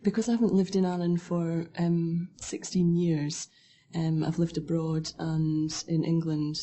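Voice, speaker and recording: Low, very mellow woman with a mild Scottish accent. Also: a little slow. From southwest Scotland. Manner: even, with brief ums. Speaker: speaker describing her accent. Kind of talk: unscripted monologue for a language lesson.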